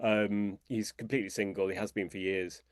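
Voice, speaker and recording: A British man, an author guest in an interview, who tells lively anecdotes and talks in a chatty, conversational way. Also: brisk, dry recording, studio quality. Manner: animated storyteller, imitates people in a high voice.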